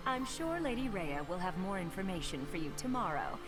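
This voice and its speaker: A sultry, showy teacher. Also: female voice, on the low side, very animated, brisk. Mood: breezy. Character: flirtatious, theatrical adult female professor. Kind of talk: video game voice acting. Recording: game audio under loud music.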